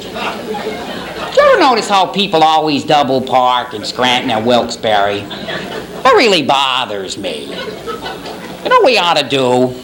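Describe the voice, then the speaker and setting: A man's voice: mid-range voice, huge pitch swings, measured pace, pauses often, pitched below the performer's own voice. A man doing a whiny old TV grump. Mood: grumbling. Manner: whiny, grumbling. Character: grumbling older TV commentator. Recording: banquet hall with crowd laughter.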